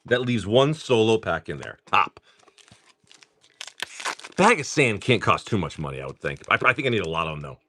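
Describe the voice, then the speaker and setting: A man hosts a relaxed morning livestream and talks in quick, animated bursts, his pitch rising and falling a lot. He swears casually and greets viewers by name while going through card packs. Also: a little hiss or hum. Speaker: card-breaking livestream host.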